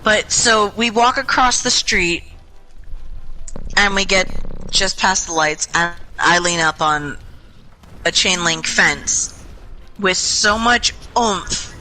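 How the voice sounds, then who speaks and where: A young adult woman casually telling a long, rambling story over game voice chat, chatty and animated, swearing freely. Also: mid-range voice, slow pace, pauses often, slight background noise, low-quality recording. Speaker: gaming group member. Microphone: headset or desk mic in online voice chat.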